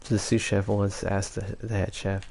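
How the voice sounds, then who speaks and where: A man's voice: fairly low pitch, monotone, normal speed, gravelly, darkish tone, slight background noise. A man casually telling a rambling story and often breaking off mid-sentence. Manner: rambling, self-interrupting storyteller. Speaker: vlogger.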